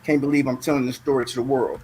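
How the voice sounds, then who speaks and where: A man from Southern California telling a long story in a casual chat, animated and repeating words as he goes. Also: medium pitch, fast talker, slight background noise. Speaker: guest.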